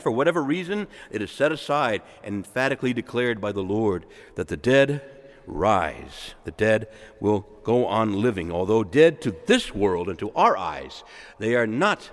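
Emphatic preacher with lively pitch. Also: male voice, long reverb tail. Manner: emphatic, rising and falling delivery. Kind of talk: sermon.

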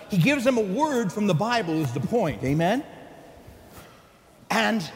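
A priest preaching a sermon in a lively, folksy manner, calling out to the congregation for answers. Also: male voice, sits high. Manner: lively, call-and-response with the congregation, folksy asides. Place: church. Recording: long hall reverb in a church, faint ambience.

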